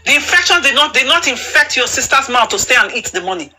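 A woman rants at full fury on a live phone stream. Her voice is piercingly bright and cutting, and she trips over repeated words as she hurls insults. A faint hiss sits under the phone audio. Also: high voice, lively intonation, quick pace, low-quality recording. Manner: furious, insulting, stammering repetitions. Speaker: panel speaker. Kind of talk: angry live-stream rant. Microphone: phone on a live video panel.

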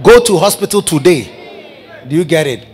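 A man with a Ghanaian English accent, a bishop preaching a sermon in animated, repetitive bursts, calling out to his congregation. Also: on the high side, moderate pace. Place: large church hall. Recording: church hall reverb with congregation.

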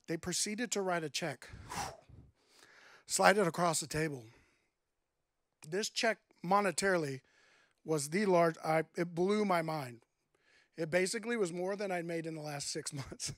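A man's voice: sits high, measured pace, long pauses, fairly bright tone, no room sound, studio quality. A man preaching a sermon, telling a personal story in a conversational way and acting out his own thoughts. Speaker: guest preacher.

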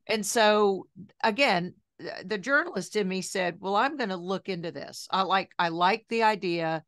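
A woman in her sixties, a journalist and health coach, telling her story in a chatty, lively interview style full of asides. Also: mid-range voice, a little slow, no echo, studio quality. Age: 60s.

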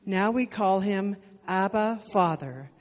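Woman doing the scripture reading, steady and measured, mid pitch, big church echo. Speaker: scripture reader. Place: church sanctuary. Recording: church hall reverb.

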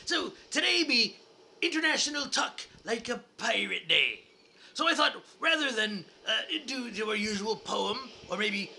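A man's voice: high-pitched, vocal fry, pushed and bright. A man hosting his own show, telling a joke in a hammy pretend-pirate voice and chuckling along. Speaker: podcast host.

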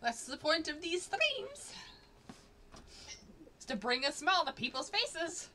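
A woman's voice: very high voice, very animated, measured pace, sharp tone, a little hiss or hum. A woman hosting a casual stream from her home, joking and teasing in a playful way. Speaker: streamer and host. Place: home room, noise from upstairs.

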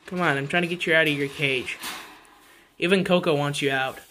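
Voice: medium pitch, fairly even intonation, a little fast, sharp tone, a little hiss or hum. A pet vlogger at home by the birdcages, coaxing the birds in casual, sing-song baby talk.

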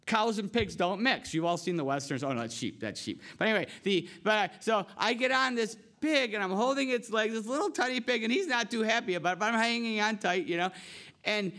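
A male pastor telling a rambling, animated story in his sermon, full of restarts and asides. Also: high voice, brisk. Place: church sanctuary.

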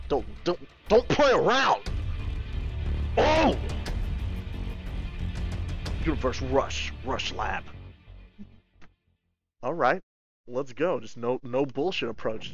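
A man hosting a livestream, giving casual game commentary in an excitable, goofy way and thinking aloud. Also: medium pitch. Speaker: livestream host.

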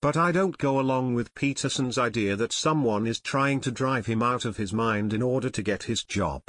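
A man voicing a level-headed teenage boy detective who speaks calmly and tersely. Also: mid-range voice, moderate pace, no echo, natural voice. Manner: calm, terse, questioning.

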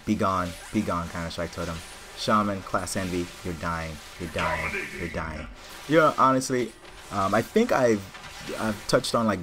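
Playing on his own gaming channel, this low-voiced man trash-talks his opponents and keeps up a rambling stream of excited live commentary.

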